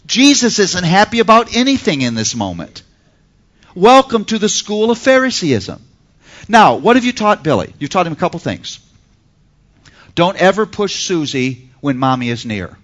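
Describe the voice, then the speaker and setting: A man giving a seminar lecture on Christian parenting to a class, emphatic and animated, with pointed rhetorical questions. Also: high-pitched, moderate pace.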